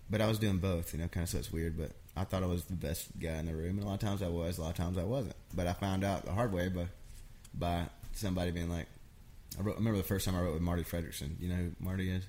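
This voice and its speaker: A man's voice: sits low, fast talker, slight background noise. A man, a songwriter, telling stories in a casual chat and acting out what others said. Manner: animated, acts out quotes of others. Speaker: songwriter guest. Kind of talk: casual storytelling.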